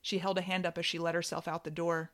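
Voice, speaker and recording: Woman narrator with a somewhat low voice, wry and measured, reading literary fiction. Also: level tone, fairly bright tone.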